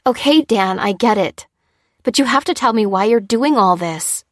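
A woman voicing a sharp, frightened young woman. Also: a little high, expressive, moderate pace, no room sound, studio quality, pitched above the performer's own voice. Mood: alarmed. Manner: sharp, pressing.

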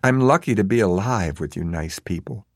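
A snobbish woman swindler, prim and falsely meek, voiced by a man reading a story aloud, her lines pitched well above a low gravelly base. The delivery is dry and close, with no room around it. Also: animated, moderate pace, dry recording. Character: scheming fussy woman con artist.

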